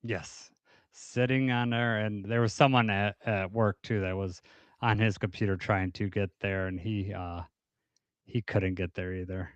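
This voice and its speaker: A man's voice: lowish voice, fairly even intonation, unhurried, smooth, no room sound, dull audio. A man co-hosting a live podcast stream, chatting casually, rambling a little and laughing easily. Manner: rambling, laughs easily, greets chat viewers. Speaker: podcast co-host.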